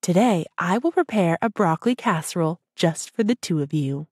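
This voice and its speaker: A woman voicing a caring, patient mother in a children's audiobook, gentle but serious. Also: fairly low pitch, animated, brisk, slightly rough, dry recording, studio quality.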